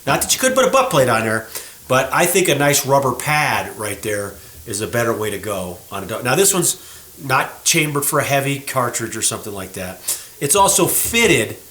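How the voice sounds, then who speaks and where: A man's voice: mid-range voice, moderate pace, reverberant. A man hosting a gunsmithing show, chatting casually and pointing out flaws on a gun to viewers. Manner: folksy, animated, talks to viewers as folks. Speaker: show host, gunsmith shop owner. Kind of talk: casual explanatory chat. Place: gun shop workroom.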